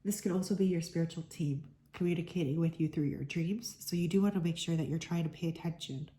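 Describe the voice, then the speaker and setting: A woman with a sick, hoarse voice giving a chatty collective card reading as a tarot reader, full of "like" fillers. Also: lowish voice, quick pace, warm tone. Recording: echoey room.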